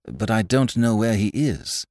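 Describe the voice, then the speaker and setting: A man voicing an earnest, somewhat flustered gentleman detective in an audiobook, polite and anxious. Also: on the low side, animated, a little slow, no echo, clean studio sound, voice pushed up. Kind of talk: audiobook character voice.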